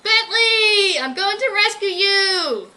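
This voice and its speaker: A woman's voice: sits high, animated, unhurried, bright, forceful tone, heavily acted. A woman voicing an eager, loyal young male dog who speaks urgently and pleads, in a storybook reading.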